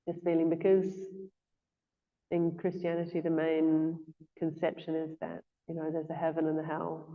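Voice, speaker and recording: Hesitant woman giving a scripture class. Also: deep voice. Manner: hesitant, frequent "um" and "yeah" fillers. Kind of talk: informal scripture class talk. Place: temple class room. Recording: thin phone-like lo-fi audio.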